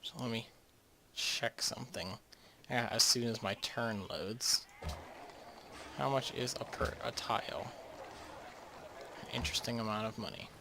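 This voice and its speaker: A man's voice: medium pitch, measured pace, vocal fry, long pauses, background noise. A young man from the northeastern United States, rambling and chatty with many restarts as he narrates his game. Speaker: gamer. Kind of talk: casual game commentary.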